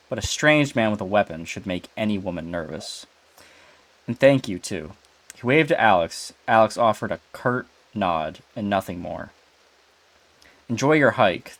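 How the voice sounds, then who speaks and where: A man with a fairly low voice reads a horror story in a relaxed, unpolished way. He trips over words now and then and stops to ask about them. The recording is close and dry. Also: no room sound. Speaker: story reader. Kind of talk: casual story reading with banter.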